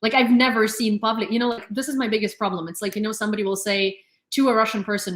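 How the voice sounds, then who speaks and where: A woman's voice: mid-range voice, fairly even intonation, fast talker. A young woman hosting a live news stream, talking in a chatty, rambling way with many fillers and frequent laughs. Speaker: news channel host. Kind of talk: casual live-stream commentary. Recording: roomy echo.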